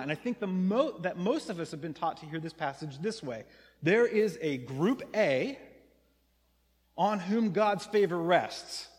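A man's voice: on the high side, long reverb tail. A male pastor preaching a sermon to his congregation, asking them questions and repeating his key phrases for emphasis. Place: church sanctuary.

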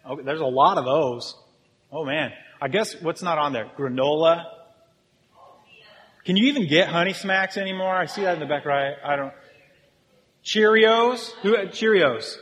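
A pastor preaches a casual, joking sermon to an audience in a church hall, speaking directly with his congregation. His fairly high, fairly bright voice moves at a moderate pace with long pauses. Long hall reverb and slight background noise color the recording.

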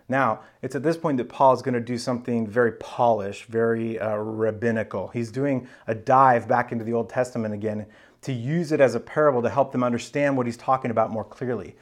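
A man's voice: medium pitch, steady tone, brisk. A man, a pastor, preaching a sermon in a casual, conversational Bible-teaching manner with slang.

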